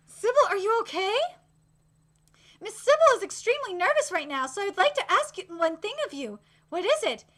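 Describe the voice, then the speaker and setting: A woman voicing a polite, devoted male servant in a manga read-aloud, soft and hesitant. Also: very high voice, sing-song, normal speed, slight background noise, full character voice. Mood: earnest.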